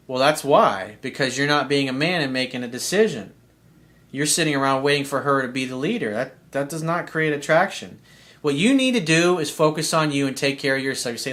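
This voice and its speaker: A man's voice: fairly high pitch, expressive, fairly quick, a bit bright. A man, a dating coach, answering listener emails with blunt, conversational advice, slang and swearing.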